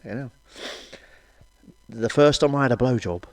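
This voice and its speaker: A middle-aged man telling crude stand-up jokes with blunt, sweary, deadpan asides. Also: medium pitch, fast, no echo. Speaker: stand-up comedian. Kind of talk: crude stand-up one-liners.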